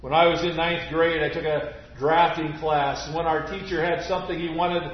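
A man preaching a sermon, speaking deliberately and stressing key words emphatically. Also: a little high, fairly even intonation. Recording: roomy, slightly dull recording.

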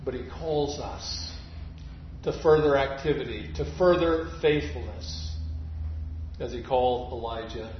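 A man preaching a sermon, slow and deliberate, dropping to near-whisper on key phrases. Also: medium pitch, a little hiss or hum. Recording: muffled, very echoey church recording.

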